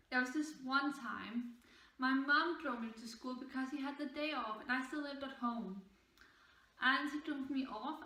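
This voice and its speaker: A woman's voice: high voice, bright, forceful tone, far from the mic. A young woman vlogging a casual storytime, rambling and indignant, with frequent swearing. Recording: echoey room, voice away from mic.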